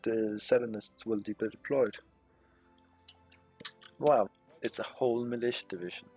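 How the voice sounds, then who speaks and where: A man's voice: on the low side, steady tone, measured pace, a little mellow, breathy edge, soft background music. A man giving casual gameplay commentary, reading game text aloud with muttered, swearing asides. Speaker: strategy game let's player.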